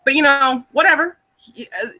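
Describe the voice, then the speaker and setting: A woman with a Midwestern American accent co-hosting a casual chat, animated and laughing often. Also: high-pitched, normal speed. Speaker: co-host.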